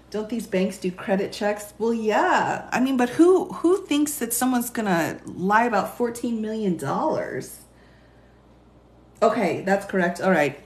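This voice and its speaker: A woman with a raspy voice and a Texas accent, an attorney on a live stream who reads legal text aloud and chats with viewers between passages, laughing often. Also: medium pitch. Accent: Texan. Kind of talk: casual live-stream reading and commentary.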